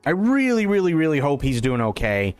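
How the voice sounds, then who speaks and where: Man, streamer commentary, bouncy pitch, slightly high voice, dry close sound, faint music behind. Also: brisk, clear, resonant tone, no room sound. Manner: animated, repeats himself, stammers on restarts. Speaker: livestream host reacting to an interview. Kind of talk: casual reaction commentary.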